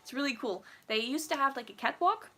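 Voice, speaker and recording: A cosplayer woman chats casually on a livestream, reading comments aloud and answering them. She has a fairly high voice and keeps giggling as she rambles, with a playful, dramatic edge. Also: lively intonation, fairly quick, sharp tone. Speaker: cosplayer streamer.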